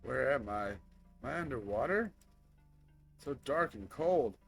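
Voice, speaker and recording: A young man reading a story game aloud, slow narration broken by shocked outbursts. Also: mid-range voice, lively intonation, gravelly, soft background music. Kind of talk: dramatic game read-through.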